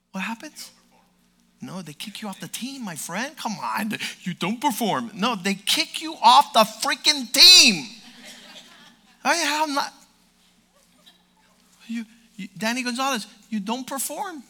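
A male pastor preaching a sermon, telling stories with humor and swinging from quiet asides to loud exhortation. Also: high-pitched. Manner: storytelling with playful humor.

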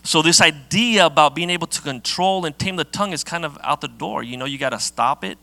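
Bright-voiced man preaching conversationally. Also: fairly high pitch, fairly quick, no echo. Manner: conversational, many fillers and restarts. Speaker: pastor. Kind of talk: sermon.

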